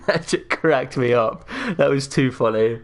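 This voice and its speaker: An easygoing man chatting while he plays, his pitch in the middle of the usual range. He teases his co-host and laughs often through the conversation. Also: measured pace. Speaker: gaming channel co-host. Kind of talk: casual chat during gameplay.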